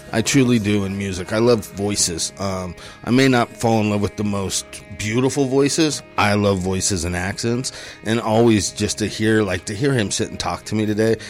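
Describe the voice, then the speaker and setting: A man in his forties co-hosting a live local radio show outdoors, talking in an enthusiastic, rambling way that keeps restarting. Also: on the low side. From Nevada, United States. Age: 40s. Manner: enthusiastic, rambling, self-interrupting. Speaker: volunteer radio co-host. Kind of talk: casual radio chat. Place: outdoors at a parking lot concert stage.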